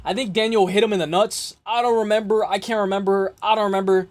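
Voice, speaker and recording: A young man hosting a casual fight-prediction show, rambling and excitable, repeating himself and swearing often. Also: high voice, fast talker. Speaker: MMA podcast host.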